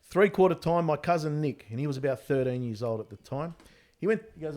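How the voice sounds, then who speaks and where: Australian man, fifties, casual storytelling, brisk pace, dark tone, swears a lot. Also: on the high side. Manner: animated, swearing, peppered with "mate". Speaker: comedian guest.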